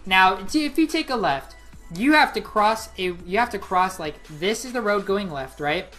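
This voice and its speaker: A young woman in her late teens telling a story on her vlog, excitable and rambling, with lots of "like" fillers. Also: medium pitch, moderate pace, soft background music. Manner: excitable, rambling, heavy use of 'like'. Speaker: vlogger. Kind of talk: casual storytelling.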